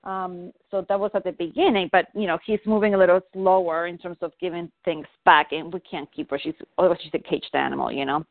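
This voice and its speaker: A woman with a fairly low voice speaks candidly as a parent, circling her thoughts with fillers and restarts. The sound is dry and boxed-in, like a phone line. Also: fairly even intonation, quick pace, few pauses, dry recording. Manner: rambling, self-reflective, frequent fillers and restarts. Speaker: parent seeking guidance. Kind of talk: candid conversational call.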